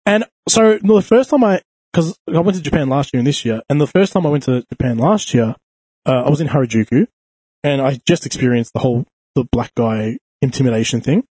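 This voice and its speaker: A man telling a crude, animated story in casual chat, swearing freely. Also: medium pitch, a little fast, husky, dry recording. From Australia.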